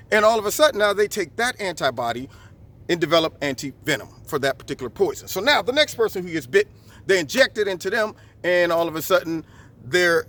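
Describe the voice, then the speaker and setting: A man hosting a vlog, giving an animated, preachy political monologue outdoors on camera. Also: high-pitched. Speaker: vlog host. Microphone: camera recording himself.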